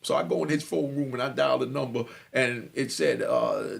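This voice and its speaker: A middle-aged man telling his own story casually, slangy and animated, often asking if you get him. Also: medium pitch, normal speed, vocal fry. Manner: animated, slangy, keeps asking "you know what I mean".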